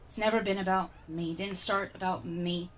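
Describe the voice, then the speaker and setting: A woman's voice: on the low side, steady tone, normal speed, a little hiss or hum. A woman streamer in an exasperated, heavily profane livestream rant.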